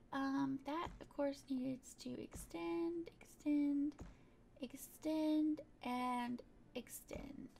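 A woman with a high, gravelly-edged voice talks slowly through her game as she plays, thinking aloud and dropping little sound words between thoughts. A faint hiss of room noise sits under her voice. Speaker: gaming video creator. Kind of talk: casual gameplay commentary.

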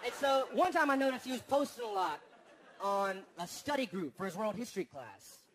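High-voiced man doing stand-up. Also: normal speed. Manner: animated, acts out quoted lines. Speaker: stand-up comedian. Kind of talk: stand-up routine. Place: large theater with live audience. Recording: live stage recording with crowd. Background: audience laughter.

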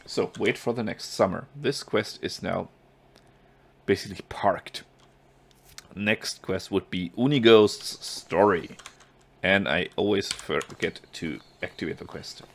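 A man's voice: low-pitched, unhurried, gravelly, slight background noise. A man hosting a let's play, chatting and thinking aloud as he plays. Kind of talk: game commentary.

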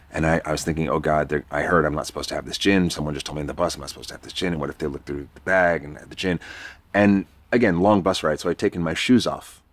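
A man's voice: low voice, dry recording. A man from New York, a podcast guest, telling a rambling, self-deprecating story in a casual, swearing way.

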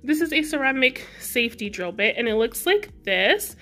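A woman's voice: a little high, lively intonation, moderate pace, bright, forceful tone. A young woman chatting casually to her viewers in a nail product haul, talkative and friendly with a giggly manner. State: out of breath. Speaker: beauty vlogger.

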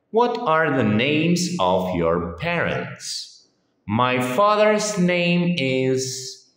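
A man reading English phrases for a lesson, one at a time with pauses and frequent repeats. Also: medium pitch, fairly bright tone. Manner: reads each phrase on its own with pauses, often repeating it. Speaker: English teacher. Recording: echoey room with long reverb.

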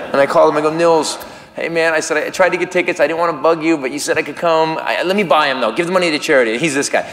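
A middle-aged man performing a stand-up comedy routine, telling a story in an animated way and breaking into high shouted voices, recorded live on stage. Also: quick pace. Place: theater stage. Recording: live stage mic in a reverberant hall. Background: audience ambience.

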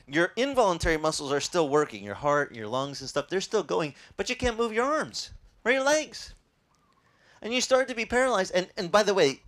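Male pastor, sermon, conversational, animated, quizzing listeners. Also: a little high. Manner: lively, conversational, quizzing the audience.

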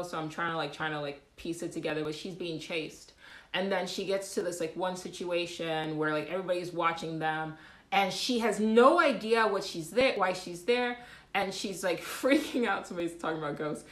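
A woman hosting a casual livestream, talking in an animated way with frequent laughs, fillers and restarts. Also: fairly low pitch, brisk, roomy sound. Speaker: livestream host.

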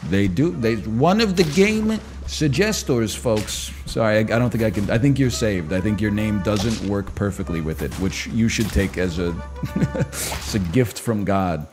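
A man hosting a stream in casual chat, with quick self-mocking asides. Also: fairly low pitch, lively intonation, a little mellow, faint music behind. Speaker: streamer host.

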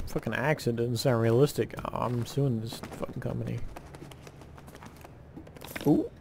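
A man's voice: medium pitch, fairly even intonation, unhurried, gravelly, pauses often, darkish tone, a little hiss or hum. A young man giving crude, sarcastic commentary while playing a horror game. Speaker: let's play gamer. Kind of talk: casual gameplay commentary.

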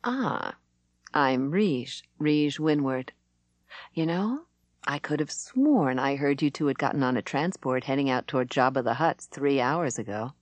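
Lady narrator doing a nosy young guy, sly questions, lowish voice, dry. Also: animated, measured pace, dry recording, heavily acted. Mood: probing. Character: young man, smooth and probing.

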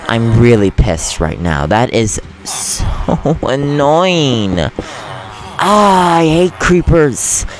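A young man casually commenting on his Minecraft game, excitable and quick to rant when annoyed. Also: medium pitch. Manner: excitable, swings from calm chatter to loud frustrated rants. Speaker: gaming host.

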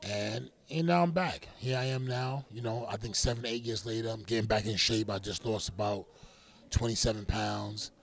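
Middle-aged male, gravelly, animated storyteller, laughs a lot, quick to shout. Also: lowish voice. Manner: animated, laughing, bursts into loud catchphrase shouts. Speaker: boxer, interview guest. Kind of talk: casual interview storytelling.

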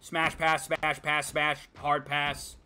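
A man streaming a video game, giving frantic, excitable commentary as he yells, laughs and swears. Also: fairly high pitch, takes it slowly. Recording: game music playing clearly behind.

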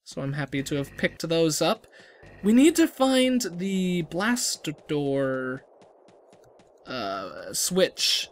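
A let's-play gamer giving casual gameplay commentary, rambling and self-deprecating, often trailing off and restarting sentences. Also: drawn-out words. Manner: lively, jumpy pitch.

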